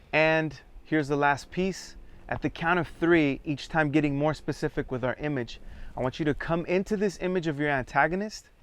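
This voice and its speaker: Calm man guiding a theatre exercise. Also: a little high, smooth. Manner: calm, measured, counts students in and prompts them. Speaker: theatre workshop leader. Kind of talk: guided instruction for a theatre exercise.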